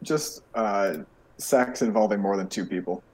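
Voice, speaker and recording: Husky-voiced American podcast quizmaster. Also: male voice, lowish voice, measured pace, a little mellow, rough recording. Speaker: podcast co-host running a word game. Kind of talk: casual chat.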